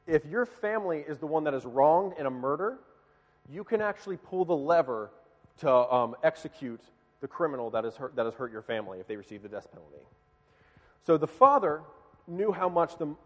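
A man preaching a sermon, telling a story with dramatic swings from loud pleading to hushed, quiet lines. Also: fairly high pitch, expressive, moderate pace, long reverb tail, muffled recording.

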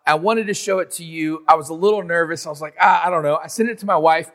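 A man's voice: fairly high pitch, fast, a bit bright, long reverb tail. A man preaching a sermon in a conversational way, acting out biblical figures in modern slang. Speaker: pastor.

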